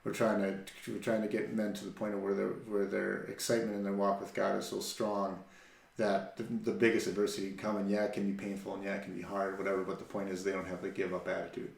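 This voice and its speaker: A man's voice: on the low side, fast, gravelly. A man co-hosting a casual faith-based talk, telling a story with energy and often restarting his sentences. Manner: animated storytelling, repeats words when starting a thought. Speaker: podcast co-host. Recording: echoey room.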